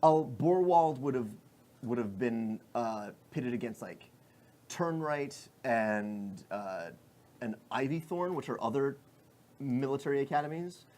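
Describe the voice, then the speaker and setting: A man's voice: medium pitch, animated, measured pace, a little mellow. A man narrating as game master of a tabletop role-playing game, rambling with many fillers.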